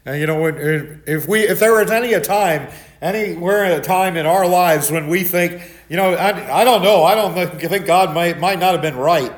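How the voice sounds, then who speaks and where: An older man preaching a Bible study sermon, loud and animated, telling stories with many restarts. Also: sits high, moderate pace. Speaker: pastor.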